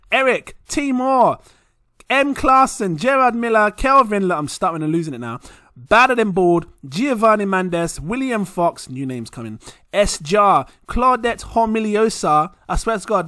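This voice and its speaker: Young man, high-pitched, casual rambling vlog talk, self-amused laughs, dry desk mic. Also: a bit bright, dry recording. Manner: chatty and rambling, quick to laugh at himself. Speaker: crypto channel host. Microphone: plugged-in desk microphone.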